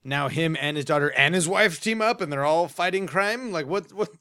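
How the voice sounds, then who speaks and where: A man's voice: a little high, animated, normal speed, pushed and bright, clear, resonant tone, no room sound, studio quality. A man co-hosting a casual movie podcast, trading sarcastic teasing banter. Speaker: podcast co-host.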